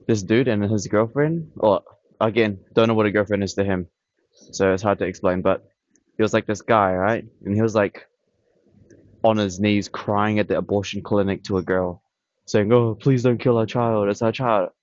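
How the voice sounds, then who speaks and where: Man, fairly deep voice, blunt casual monologue to camera, muffled lo-fi sound. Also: steady tone, normal speed, dry recording. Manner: blunt, dismissive, repetitive. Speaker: vlogger. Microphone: camera on tripod.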